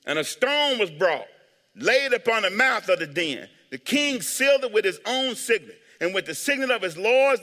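A male pastor preaching a sermon with animated call-and-response to the congregation. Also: sits high, long reverb tail. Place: church sanctuary.

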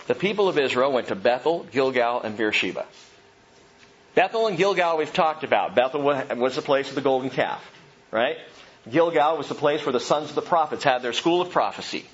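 Earnest preacher man, husky lo-fi. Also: mid-range voice, animated, brisk. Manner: earnest, emphatic, rhetorical questions. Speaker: pastor. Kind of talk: sermon.

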